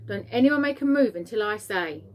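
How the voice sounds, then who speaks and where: A woman's voice: medium pitch, animated, normal speed, lo-fi sound, lightly acted. A woman reading aloud, voicing a frightened, blustering male fire chief in a storybook. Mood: grim. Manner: fearful, shouting.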